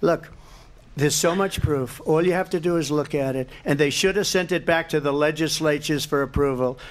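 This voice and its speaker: A man debating on stage with a rather high voice, emphatic and repetitive. His answers ramble from point to point with heavy stress on key words. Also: normal speed. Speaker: presidential debate candidate.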